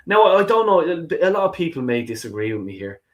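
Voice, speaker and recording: A man hosting a football call-in show. He rants in a fired-up way, swears constantly and stumbles over repeated words. His voice sits a bit high and swings widely in pitch. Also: sing-song, quick pace. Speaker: host of a football call-in stream. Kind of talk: heated fan rant.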